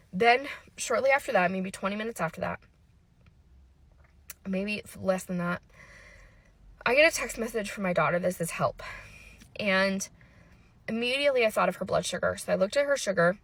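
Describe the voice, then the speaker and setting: A woman's voice: medium pitch, normal speed, pauses often, a bit bright, no echo. A woman in her thirties, a mother, retelling a frightening family story in an emotional storytime monologue, intense and breathless as she quotes the dialogue. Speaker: mother telling a personal story.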